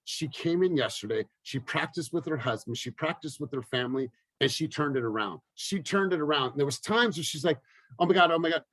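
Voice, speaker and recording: A man coaching his team in a motivational talk, energetic and emphatic, repeating phrases for effect. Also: medium pitch, brisk, hardly any pauses, husky, dry recording, poor audio. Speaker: real estate team coach.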